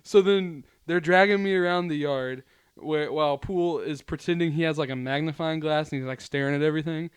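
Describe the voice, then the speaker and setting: A young man chats on a podcast, his voice smooth and resonant and a little higher than most. He tells stories casually, laughing often. The sound is dry and close. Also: brisk, no echo. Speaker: podcast co-host. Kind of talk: casual chat.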